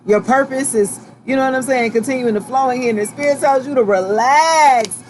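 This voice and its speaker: A woman giving a casual tarot reading to her viewers, relaxed and reassuring, often checking in with "okay?" and "right?" and repeating herself as she talks. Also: high voice, brisk, hardly any pauses, a little hiss or hum. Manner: loose, chatty, repeats and restarts phrases. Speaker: tarot reader.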